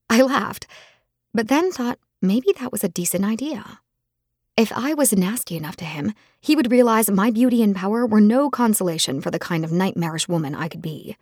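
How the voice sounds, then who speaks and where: A woman narrating a novel in the first person, with measured, intimate storytelling. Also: medium pitch, expressive, a little mellow, breathy edge, no room sound, studio quality. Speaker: audiobook narrator.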